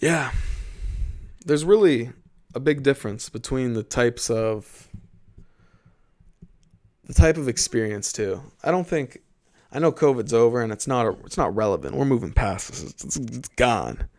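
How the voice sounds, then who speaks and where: Young canadian guy rambling on his podcast, kinda gravelly, swears a lot, jokey. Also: medium pitch, animated, a little slow, a little mellow. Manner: rambling, joking, swears freely. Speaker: podcast host. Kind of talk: casual solo rambling.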